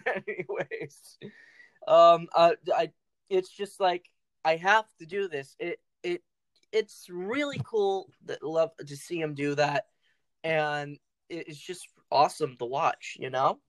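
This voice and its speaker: A goofy, playful podcast host keeps the talk loose and casual, then suddenly shouts to announce a quiz round. The pitch sits in a middle register. The sound is dry and close, with no room echo. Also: slow pace. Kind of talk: casual chat.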